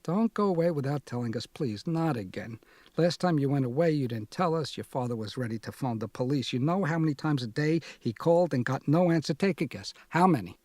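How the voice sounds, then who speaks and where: A man voicing an anxious, nagging middle-aged mother in an audiobook, speaking in a hushed, wheedling whisper. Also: a little high, expressive, a little fast, no echo, pitched above the performer's own voice. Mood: pleading. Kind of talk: audiobook narration.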